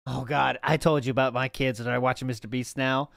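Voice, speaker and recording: A man hosts a loose, casual stream from his home studio, reacting to chat and cursing along the way. His voice is smooth and resonant. The sound is dry and close, with no room echo. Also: mid-range voice, fairly even intonation, normal speed, a bit bright. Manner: loose, profane, laughs often, reads chat aloud. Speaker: podcast host. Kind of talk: casual livestream watch-party chat.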